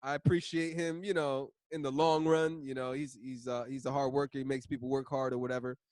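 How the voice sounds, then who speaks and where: A man's voice: medium pitch, level tone, brisk, a little mellow, no echo. Chatty, slangy man teaching scripture. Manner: chatty, laughs often, uses slang. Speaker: bible study teacher. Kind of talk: casual bible study teaching.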